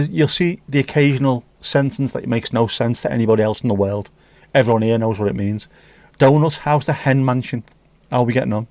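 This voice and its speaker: A man hosting a relaxed livestream, reading comments aloud with casual, sweary, teasing banter. His voice sits at an ordinary middle pitch. The sound is dry and close, with no room echo. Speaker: livestream host.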